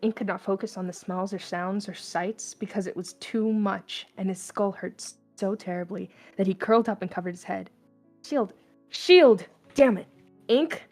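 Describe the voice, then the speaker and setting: A young woman reads fan fiction aloud in a casual, unpolished way, often stumbling and restarting. Her mixed accent keeps slipping toward Southern US. The pitch sits at an ordinary middle for a woman. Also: little pitch movement, moderate pace, few pauses, a little mellow, faint music behind. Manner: casual, stumbling, laughing asides.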